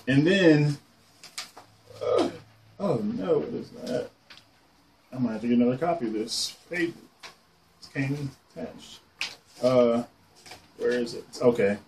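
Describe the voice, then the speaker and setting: A man casually showing off his comic collection on camera, rambling excitedly and swearing casually as he goes. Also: medium pitch, a little slow, long pauses, a little hiss or hum. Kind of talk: casual show-and-tell.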